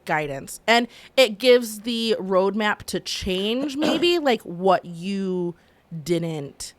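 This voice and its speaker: A woman co-hosting a podcast in casual chat, chatty and quick to laugh. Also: mid-range voice, expressive, no room sound. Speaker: podcast co-host.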